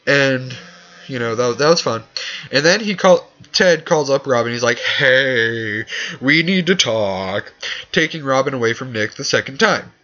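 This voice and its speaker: A man's voice: medium pitch, fairly bright tone. A young man talking casually and rambling, with lots of fillers and sarcastic asides, recorded on dull lo-fi gear. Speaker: vlogger recapping a TV episode.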